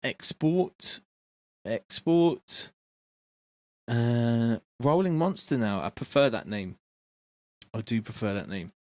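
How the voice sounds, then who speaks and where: A man chatting casually on a live stream, reading out viewer messages in a relaxed, slangy way from his home studio. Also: mid-range voice, unhurried, dry recording. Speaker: music producer streaming live.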